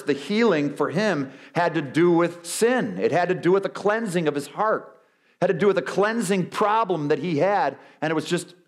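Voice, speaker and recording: A male pastor preaching a sermon, animated, acting out quoted excuses with big swings in his voice. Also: a little high. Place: church sanctuary.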